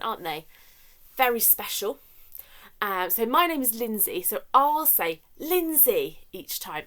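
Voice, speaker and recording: Leading story time for children, a young woman with a mid-range voice begins with warm-up games. Her sing-song delivery shifts from whispering to shouting.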